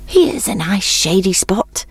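A woman voicing a boastful, hasty male hare in a storybook reading, quick and careless in manner. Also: medium pitch, very animated, creaky, husky, no room sound, full character voice. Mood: drowsy.

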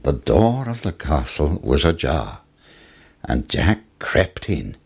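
A man narrating a children's fairy tale in an expressive, deliberate storytelling manner. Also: a bass voice, vocal fry, slightly rough.

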